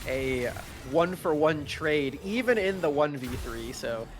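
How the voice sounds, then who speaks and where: A man's voice: fairly high pitch, lively intonation, measured pace, a little hiss or hum. A man giving analytical color commentary on an esports match, chatty and light, often searching for words. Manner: chatty, laughing, fumbling for words.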